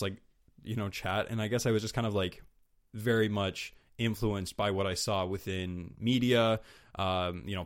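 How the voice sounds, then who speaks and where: A young man hosting a solo podcast, talking candidly and rambling with lots of fillers and restarts, swearing casually. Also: fairly low pitch. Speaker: podcast host.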